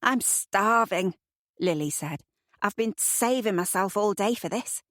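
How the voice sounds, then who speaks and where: A woman voicing a wry, playful young woman who delivers quick quips. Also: mid-range voice, lively intonation, a bit bright, no room sound, studio quality, voice pushed up.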